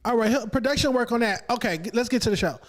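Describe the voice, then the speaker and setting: High-pitched LA man, hype joking podcast host. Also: fast, a bit bright, in a large hall. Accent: Los Angeles. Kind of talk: casual podcast banter.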